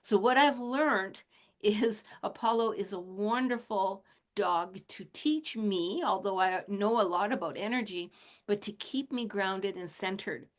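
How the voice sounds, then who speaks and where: A woman in her late sixties, a shamanic teacher, talking in a gentle, casual teaching manner and chuckling often. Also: mid-range voice, a little slow. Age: 60s. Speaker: shamanic teacher and animal communicator.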